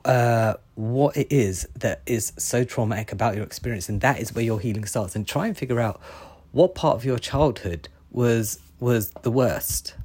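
A man giving a daily oracle card reading. He reads the card text aloud slowly, then comments in a loose, chatty way with frequent ums and asides. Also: medium pitch, a little mellow, breathy edge, dry recording.

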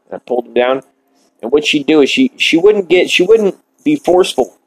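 A man hosting a podcast, delivering a shock-comedy monologue in a deadpan, mock-earnest rant while smoking. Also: a little high, fairly quick, breathy edge, low-quality recording. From Ireland. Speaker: podcast host.

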